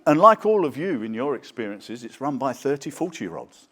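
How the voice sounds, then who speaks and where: An older man and actor telling lively theatre and film anecdotes at a conference, acting out the voices of the people he quotes. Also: medium pitch, normal speed. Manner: theatrical storyteller who acts out quoted voices. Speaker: guest speaker, actor. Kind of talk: anecdotal after-dinner talk.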